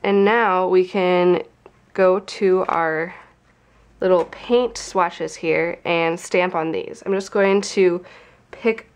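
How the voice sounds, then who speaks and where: A woman's voice: lowish voice, steady tone, takes it slowly, clean tone. A young woman with a stuffy, nasal voice from a cold, chatting casually as she explains a craft tutorial step by step. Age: young adult. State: congested from a cold. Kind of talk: casual how-to narration.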